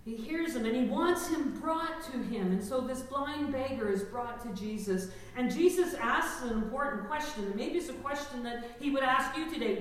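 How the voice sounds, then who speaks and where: A woman pastor preaching a lively sermon, engaging her congregation with call-and-response. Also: sits high, moderate pace, few pauses, recorded from a distance. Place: church sanctuary. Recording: echoey hall, mic from afar.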